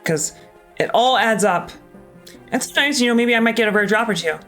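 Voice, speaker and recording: With faint music behind him, a man streams gameplay live, his high voice fairly bright, a little fast, and lively in intonation. He speaks casually and openly, swearing often and filling pauses with many ums.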